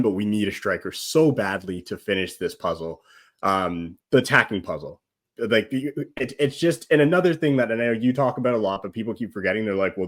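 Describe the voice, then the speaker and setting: A man speaking as a guest on a casual football chat, animated and rambling, often saying "like" and laughing. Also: lowish voice. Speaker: guest pundit.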